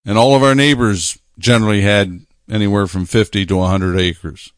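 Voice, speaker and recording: A man preaching a sermon, talking emphatically, repeating phrases and slowing down to stress his points. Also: on the low side, fairly even intonation, no room sound, clean studio sound.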